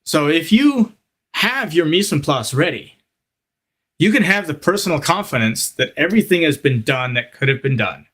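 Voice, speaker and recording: A man with a fairly high-pitched voice teaches a live lesson to cooks. He talks straight to his listeners and keeps it informal, telling stories and checking in with asides as he goes. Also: lively intonation, moderate pace, a bit bright. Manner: storytelling, direct address with frequent "okay?" and "you know". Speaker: culinary instructor.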